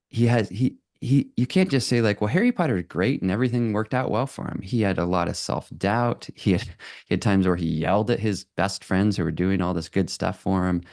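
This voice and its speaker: A man speaks to a live audience in a low, dry-sounding voice. His delivery is animated and conversational, full of fillers, restarts and quick laughs. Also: vocal fry, no echo. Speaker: photographer giving a talk.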